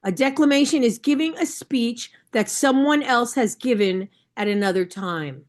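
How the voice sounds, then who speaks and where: A woman's voice: a little high, normal speed. A woman coach training new judges over a video call, talking in a conversational, instructive way and often checking in with the listeners. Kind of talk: online training session.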